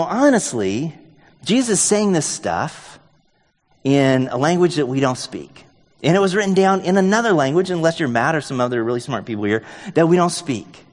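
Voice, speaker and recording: A male pastor with a fairly high voice preaches in a casual, joking tone, often thinking aloud. The sound has a long reverb from an echoey hall. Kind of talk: sermon.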